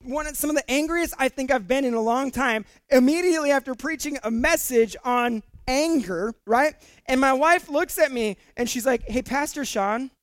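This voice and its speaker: A man's voice: very high-pitched, normal speed, a bit bright, clean tone, no room sound. A middle-aged male pastor preaching a sermon in a conversational way, with fillers and repeated words, rising to emphatic peaks.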